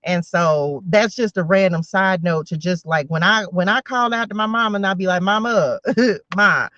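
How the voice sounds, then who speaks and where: Speaking at a normal pace in a fairly low, fairly bright voice, a woman in her forties chats directly to viewers during a relaxed spiritual tarot reading, often drifting off into personal asides. There's no room sound, and the audio is dry and a little muffled.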